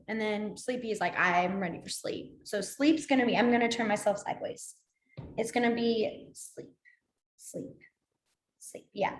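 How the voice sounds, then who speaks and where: A woman teaching a beginner sign language class, playful and acting out each emotion with her voice as she explains. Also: a little high. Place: library meeting room. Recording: echoey room.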